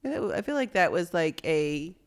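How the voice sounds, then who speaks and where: Animated woman chatting on a podcast. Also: fairly low pitch, a little slow, clear, resonant tone. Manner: animated, laughs often, acts out quotes. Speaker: podcast co-host. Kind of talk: casual chat.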